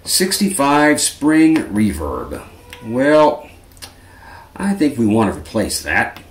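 A man's voice: medium pitch, huge pitch swings, slow pace, slight background noise. Chatty man demoing gear, echoey room. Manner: chatty, self-correcting, dry asides. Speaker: guitar lesson host. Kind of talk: casual demo tutorial.

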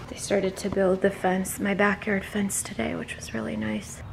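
A woman recording a casual personal vlog at home while she is sick, with a runny nose and a sore chest. She talks softly and often drops to a whisper. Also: mid-range voice, little pitch movement, normal speed, gravelly, background noise. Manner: soft-spoken, often dropping to a whisper. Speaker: vlogger. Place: at home, indoors.

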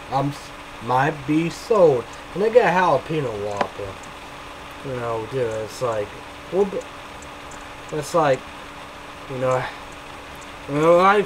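A young man rambles through a casual vlog review in an unhurried drawl, his voice sitting a bit high for a man. He swears freely and keeps breaking into shouted hype catchphrases, with a faint noise underneath. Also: poor audio. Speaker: vlogger.

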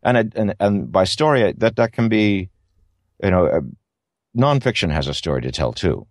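Middle-aged guy with a super deep voice, rambly interview answers, dry sound. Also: lively intonation, normal speed, no room sound. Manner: thoughtful, rambling with many restarts and fillers. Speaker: audiobook narrator.

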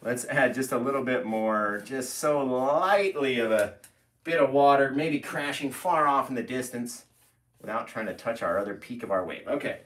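A man's voice: medium pitch, normal speed, a bit bright. A man teaching a live painting tutorial from his home studio, easygoing and playful, often laughing. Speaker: painting instructor. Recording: echoey room.

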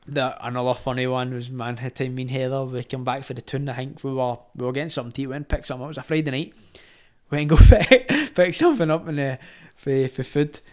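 A man's voice: medium pitch, fast talker, darkish tone. A young Glaswegian man, a former boxer, telling a story in casual, sweary chat, laughing as he goes. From Scotland. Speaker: podcast guest, former boxer.

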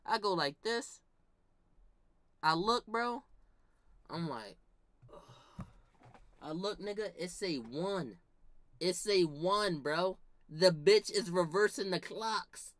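A young woman telling a comedic story, swinging from low mutters to shouted outbursts and acting out the lines she quotes. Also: unhurried, pauses often, no room sound.

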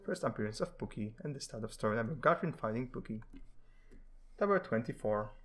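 A man reading comic strips to his viewers in a casual way. His voice sits in a middle pitch, and he breaks off into jokey, mock-menacing asides. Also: lively intonation, a little fast. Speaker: comic-strip reader and commentator.

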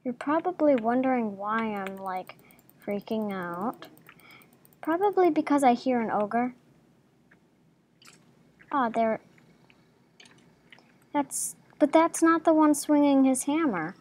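A woman casually commenting on her own gameplay, talking to herself with jumpy reactions and soft murmured asides. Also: high-pitched, lively intonation, slow pace, pauses often. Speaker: gaming video creator.

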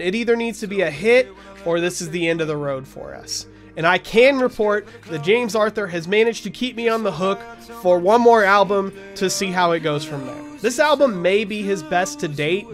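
High-voiced man giving blunt album reviews. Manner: wry, blunt verdicts. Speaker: music reviewer. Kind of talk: scripted weekly album reviews.

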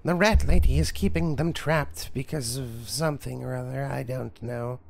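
A man's voice: medium pitch, moderate pace, gravelly. A man streaming a horror game, giving sarcastic, mock-scared commentary and swearing freely. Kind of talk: live gameplay commentary.

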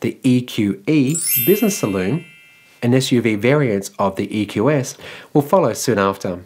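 A man's voice: medium pitch, expressive, moderate pace, a little mellow, soft background music. A man from Australia hosting an electric car news show, reading his script in a loose, casual way and filling gaps with "like" and "well". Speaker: EV news host.

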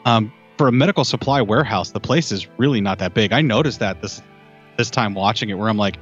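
A man with a fairly low voice talks through film trivia at length in a loose, rambling podcast chat. Faint music sits underneath. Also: fast talker, husky, muffled recording. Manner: detailed, rambling explanations. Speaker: podcast co-host. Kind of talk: casual film review chat.

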